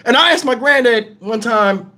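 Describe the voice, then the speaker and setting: A man hosts his livestream and tells a rowdy story full of swearing. His voice sits high, and he keeps jumping into the voices of the people in the tale. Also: moderate pace. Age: adult, twenties long past. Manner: animated, profane storytelling, acting out voices. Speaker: livestream host.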